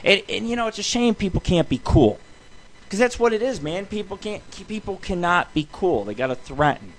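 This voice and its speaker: A man's voice: high voice, normal speed. Ranting, foul-mouthed man hosting a show. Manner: loose, swearing, ranting, excitable. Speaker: radio show host. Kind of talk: profane rambling monologue. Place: home studio.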